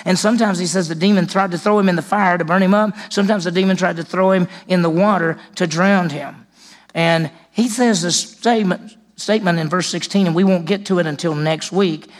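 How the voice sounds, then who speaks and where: A man's voice: sits high, steady tone, brisk. A man preaching a sermon in church, retelling a scripture story and acting out its dialogue. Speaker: pastor.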